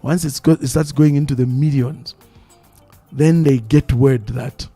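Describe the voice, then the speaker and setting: A man with a Zambian English accent hosting a live radio talk show, telling stories in an animated way and repeating phrases for emphasis. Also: medium pitch, a little slow, breathy edge, faint music behind. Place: radio studio. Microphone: studio microphone.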